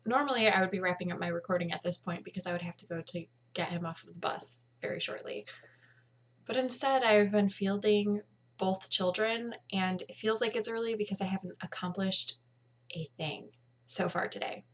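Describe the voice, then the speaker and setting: A woman, hosting a casual video podcast at home, chatty and tired with bursts of excitement. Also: mid-range voice, moderate pace. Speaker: podcast host.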